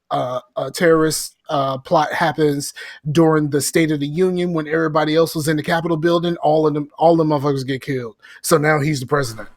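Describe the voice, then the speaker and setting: A man's voice: fairly high pitch, dry recording, clean studio sound. A man co-hosting a podcast in a casual, laid-back way, rambling a little as he talks. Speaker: podcast co-host. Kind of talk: casual chat.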